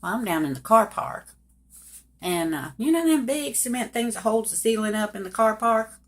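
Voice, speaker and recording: A woman's voice: on the high side, lively intonation, moderate pace. A woman casually telling a personal story in a folksy, colloquial way, speaking straight to her listeners. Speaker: storyteller recounting her own life.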